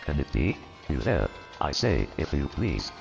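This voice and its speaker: A man playing an old miserly man turned joyful and repentant, with a gravelly voice and a theatrical, animated delivery in an audio drama. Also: unhurried, exaggerated voice. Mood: elated. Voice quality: gravelly, very deep. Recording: reverberant, dull lo-fi, faint music.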